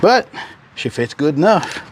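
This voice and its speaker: A folksy man with a drawl talks his viewers through his workshop job, easy and chatty. His voice sits a touch high for a man. Engine and tool noise rumble clearly behind him. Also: very animated, measured pace. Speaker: car restoration vlogger. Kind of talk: casual workshop narration. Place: garage workshop. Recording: noisy garage with engine and tool sounds.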